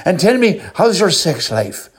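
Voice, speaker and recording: A man's voice: big pitch swings, a little slow, slightly rough, heavily acted. A man voicing a cheery, pushy little male leprechaun in a told joke. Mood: eager. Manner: eager, prodding, squeaks up in surprise.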